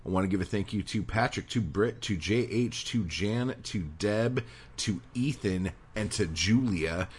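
A man's voice: fairly low pitch, a little slow, a little hiss or hum. A man hosting a podcast, swearing constantly through a fired-up, angry rant. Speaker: podcast host.

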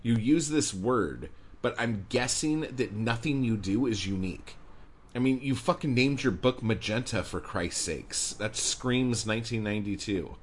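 Podcast host, male, profane sarcastic ranter with a husky voice and lively swings in pitch. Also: a little slow. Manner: sarcastic, swears constantly, mocking put-on voices. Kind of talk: profane ranting commentary.

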